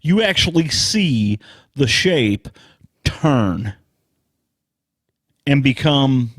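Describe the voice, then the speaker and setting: A man talks on a casual podcast at a slow, deliberate pace, leaning hard on his words and swearing freely. His voice sits at an ordinary middle pitch. The sound is dry and close, with no room echo. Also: expressive. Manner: slow, emphatic, profane, worked up. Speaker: podcast co-host.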